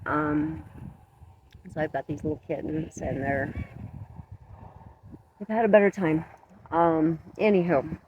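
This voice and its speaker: A man talking earnestly to his camera outdoors at dusk, his voice shaky from cold and emotion, halting and self-conscious. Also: fairly high pitch, steady tone, dull audio, a little hiss or hum. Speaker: vlogger. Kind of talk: emotional outdoor vlog monologue. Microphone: camera mic up close.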